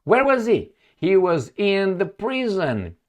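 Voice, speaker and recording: A man reacting to news articles on camera, indignant and emphatic, swinging between loud outbursts and low mutters. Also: sing-song, slow. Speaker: political commentator.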